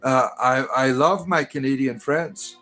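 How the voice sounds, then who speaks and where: Soft music runs in the background as this livestream host from Detroit, Michigan reads out chat comments and responds, wandering and hesitating with lots of fillers and restarts. He speaks in a mid-range voice at a measured pace, with a bright, forceful tone.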